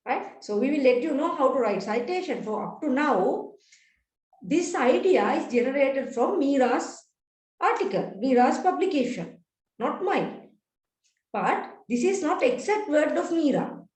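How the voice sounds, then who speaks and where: A woman's voice: fairly high pitch, darkish tone. A woman lecturing in an online lesson, patiently repeating key points and checking in with frequent "right?" tag questions, heard through a computer mic on a video call. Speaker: university lecturer. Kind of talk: online research methods lesson. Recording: roomy echo.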